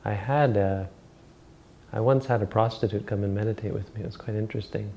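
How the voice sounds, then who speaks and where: Gravelly low-voiced monk giving a talk. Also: male voice, fairly even intonation, dark tone, a little hiss or hum. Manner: rambling, halting, many restarts and self-corrections. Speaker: Buddhist monk teacher. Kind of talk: informal dharma talk.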